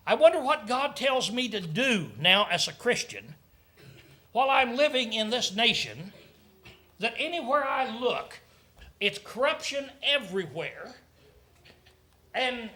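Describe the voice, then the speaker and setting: Man, preacher, sermon, high-pitched, frequent throat clearing. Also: sharp tone. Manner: clears his throat often, asks rhetorical questions.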